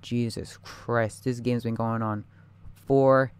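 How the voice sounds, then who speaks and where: A young man giving live gameplay commentary, anxious and excitable, often muttering and repeating himself. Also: mid-range voice, a little slow, smooth.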